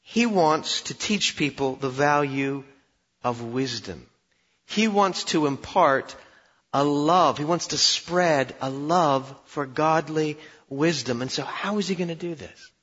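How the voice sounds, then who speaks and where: A man's voice: fairly high pitch, slow pace, fairly bright tone, slightly rough, long reverb tail, lo-fi sound. A male pastor preaching a conversational, humorous sermon in a church, asking his listeners questions and often repeating words as he restarts.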